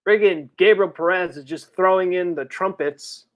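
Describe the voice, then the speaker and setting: A streamer chatting casually on a live birthday stream, reading viewer messages and rambling in slang, with sudden high, excited outbursts. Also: normal speed, dull audio. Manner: rambling, slangy, full of fillers. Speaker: livestreamer and comic creator.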